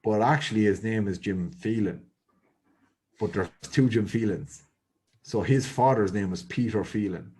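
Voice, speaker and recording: A man's voice: fairly low pitch, measured pace, a little mellow, slightly rough. An Irish man co-hosting a podcast, rambling through a story in casual chat. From Ireland. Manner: rambling, filler-heavy storyteller. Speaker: podcast co-host.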